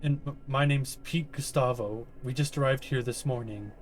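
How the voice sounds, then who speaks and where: Shy sorry-sounding kid, read by a guy, slowish. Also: mid-range voice, a little hiss or hum, close to an everyday voice. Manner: soft, apologetic, rambling. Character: timid, upset young boy patient.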